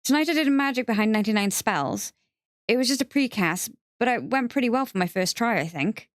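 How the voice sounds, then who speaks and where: A woman's voice: on the high side, lively intonation, a little fast, no room sound, studio quality, voice pushed up, close to an everyday voice. A woman voicing a nervous seventeen-year-old boy who stammers and halts, unsure of himself, in an audiobook reading. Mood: anxious.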